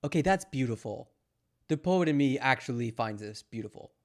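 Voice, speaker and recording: A man's voice: mid-range voice, lively intonation, normal speed. A young man from Canada commenting casually on news clips, sarcastic and mocking, rambling with lots of fillers. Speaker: streamer reacting to news clips.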